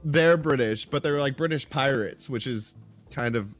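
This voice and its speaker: A young man as a podcast guest, making thoughtful, measured remarks in a casual movie chat. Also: mid-range voice, fairly bright tone, faint music behind.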